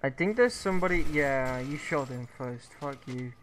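A man casually commentating a co-op game with a friend, laughing often and yelling when he dies. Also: mid-range voice, animated, moderate pace, slight background noise. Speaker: co-op gameplay commentator. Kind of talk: casual gaming chat.

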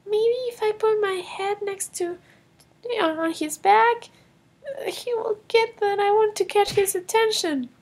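An anxious little girl with a very high voice. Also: unhurried. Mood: worried. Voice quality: high, childlike. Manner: worried and pleading. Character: little girl who has lost her voice. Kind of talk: toy film voice acting.

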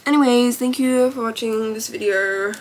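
A woman's voice: a little high, normal speed. A young woman talking casually to camera at home as a vlogger, chatty and gushing with lots of fillers. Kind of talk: casual vlog chat.

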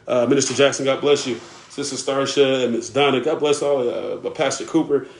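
Male preacher, mid-pitched voice, earnest, stacks repeats, roomy live-stream echo. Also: fairly even intonation, a little fast, gravelly, slight background noise. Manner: earnest, often checks in with "right?" and "okay?"; repeats words while building a point. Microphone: live stream setup.

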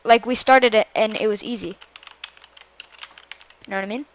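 A woman's voice: a little high, normal speed, highs cut off. A young woman chatting casually while gaming, teasing and upbeat. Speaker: gamer.

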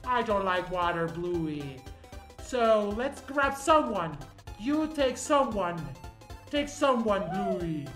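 A woman's voice: mid-range voice, animated, slow. A woman giving playful game commentary in broken English, squealing and meowing between lines. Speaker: gameplay video host. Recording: echoey room with loud game music. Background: loud game music.

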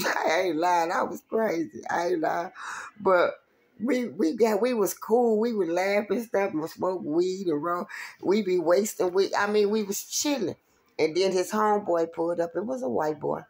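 A woman telling a profane, animated story from her street days, acting out the quotes. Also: on the low side, moderate pace. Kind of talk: casual storytelling.

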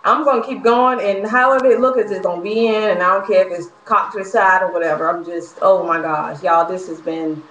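A woman's voice: medium pitch, fairly even intonation, brisk, hardly any pauses, fairly bright tone. A young woman venting in a casual vlog, frustrated and worked up, ranting with profanity and nervous laughs. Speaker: vlogger. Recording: echoey room, faint noise.

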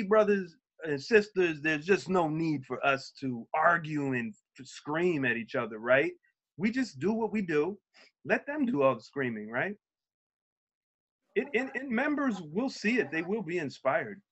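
A man speaking on a video call as a union organizer, telling an animated story and acting out shouted quotes. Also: fairly high pitch, unhurried. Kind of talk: virtual meeting talk, storytelling.

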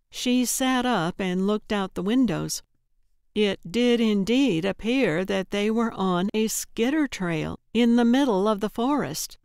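Slow-reading woman audiobook narrator. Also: medium pitch, animated, a little mellow, clear, resonant tone, dry recording, clean studio sound. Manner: measured, unhurried storytelling. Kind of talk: scripted narration.

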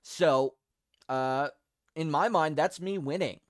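A man hosting a casual podcast, talking in a rambling, profane and excitable way with frequent restarts. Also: fairly high pitch, slow, dry recording, clean studio sound. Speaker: show host.

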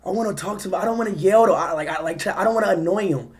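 Male streamer, high-pitched, casual and swearing, venting to viewers. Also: very fast, very noisy. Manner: frustrated, swears a lot. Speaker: livestreamer. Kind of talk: casual live-stream talk to chat.

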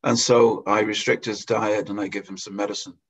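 A man teaches a scripture class in a relaxed, anecdotal sermon, chuckling now and then as he tells his stories. His voice is gravelly and husky. The recording is dull and lo-fi. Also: on the low side, a little fast. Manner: anecdotal, with frequent chuckles and hesitations. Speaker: lecturer giving a scripture class. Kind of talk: storytelling sermon. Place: temple hall.

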